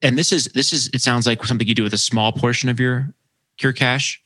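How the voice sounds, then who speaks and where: A man hosting a podcast, asking questions in a relaxed way and often restarting phrases. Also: medium pitch, a little fast, no echo. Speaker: podcast host. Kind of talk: casual interview chat.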